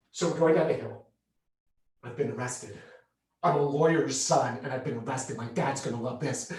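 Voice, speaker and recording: A man performing a solo theatre piece, telling his own story with vivid, expressive delivery. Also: medium pitch, normal speed. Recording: roomy theatre heard from a distance.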